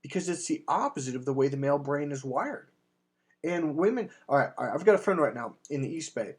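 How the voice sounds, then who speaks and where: Man, husky voice, dating coach, emphatic sales pitch, blunt, casual swearing. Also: lively intonation, fairly quick. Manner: acts out quoted voices in anecdotes. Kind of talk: persuasive sales monologue.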